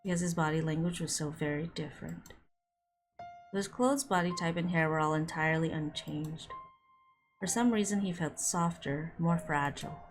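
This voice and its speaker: A woman streaming a visual novel, reading its narration aloud and breaking off for quick reactions, with music under her voice. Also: low-pitched. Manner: reads narration with quick asides. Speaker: game streamer.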